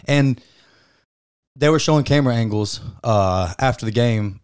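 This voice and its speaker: A man's voice: mid-range voice, normal speed, darkish tone, clear, resonant tone. Fired-up, foul-mouthed man talking sports. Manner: emphatic, profane, fired-up opinions. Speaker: podcast co-host. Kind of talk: casual sports chat.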